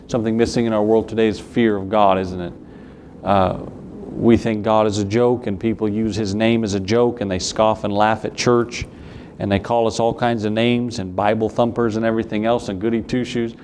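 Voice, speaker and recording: A preacher with a Southern US accent speaks at a mid-range pitch, talking to his congregation in a relaxed, folksy way. He reads scripture in old-fashioned King James wording. A faint hum of room ambience sits behind him. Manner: conversational preaching with folksy asides. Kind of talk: sermon.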